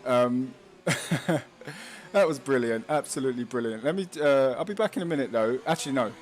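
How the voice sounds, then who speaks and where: A man's voice: medium pitch, brisk. Chatty, laughing man hosting a race stream. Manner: chatty, laughs often, reads chat messages aloud. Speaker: stream host. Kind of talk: casual live-stream commentary.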